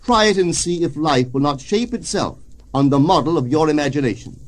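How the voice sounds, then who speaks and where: A man reading a spiritual lecture aloud in a measured, solemn way, slowing down for quoted passages. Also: on the high side.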